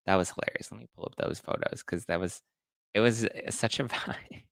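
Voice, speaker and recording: Chatty gossipy man with a lowish voice. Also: a little fast, gravelly, a bit bright, no echo, studio quality. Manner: chatty, gossipy, talks to viewers while reacting to photos. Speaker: host. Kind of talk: celebrity gossip commentary.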